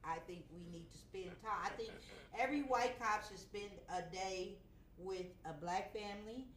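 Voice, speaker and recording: A woman's voice: mid-range voice, moderate pace, a bit bright, echoey room, slight background noise. A middle-aged woman in casual chat, blunt and profane with strong opinions.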